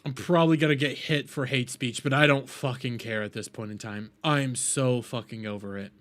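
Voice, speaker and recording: A man from the United States, a live streamer, ranting furiously, swearing often, shouting and repeating himself. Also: medium pitch, steady tone, brisk, faint music behind. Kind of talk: angry live-stream rant.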